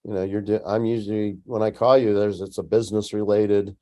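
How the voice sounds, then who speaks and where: A man hosting a podcast conversation, speaking in a low, mellow voice. His manner is relaxed and chatty, and his sentences often trail off softly. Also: a little fast. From Tucson, United States. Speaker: podcast host. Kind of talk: casual interview chat.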